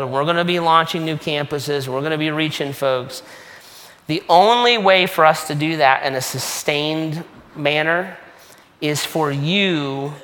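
A male pastor speaking to his church in an easygoing, joking way. His voice is bright and sits a little high. It carries a long reverb from a large church hall. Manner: casual, joking, conversational preaching. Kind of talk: sermon announcements. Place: church sanctuary.

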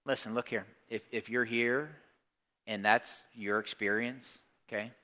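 A man preaching a sermon to a congregation, talking conversationally and swinging between quiet, earnest asides and loud, emphatic bursts. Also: mid-range voice, measured pace, pauses often. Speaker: pastor. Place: church service before a congregation.

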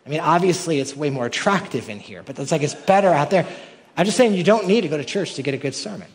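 A man's voice: a little high, expressive, fast talker. A male pastor preaching a sermon with rhetorical questions that build to emphatic peaks. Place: large church hall. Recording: long hall reverb.

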